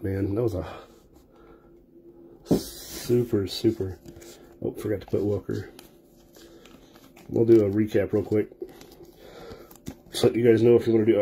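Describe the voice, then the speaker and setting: A man's voice: fairly low pitch, warm tone, a little hiss or hum. A man casually calling out player names and card finds as he opens packs during a live sports card break.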